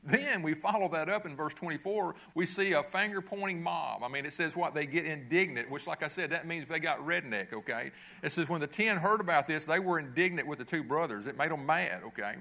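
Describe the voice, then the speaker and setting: Bright-voiced man preaching conversationally. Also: on the high side, lively intonation, a little fast, gravelly, hardly any pauses. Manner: conversational preaching with rhetorical questions and frequent "okay?". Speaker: pastor. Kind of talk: sermon.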